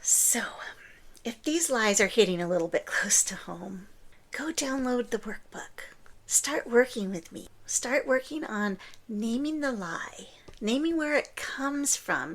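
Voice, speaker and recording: A woman hosting a podcast, talking earnestly and encouragingly, often dropping into a breathy whisper. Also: on the high side, fairly bright tone. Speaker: podcast host. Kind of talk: scripted podcast monologue.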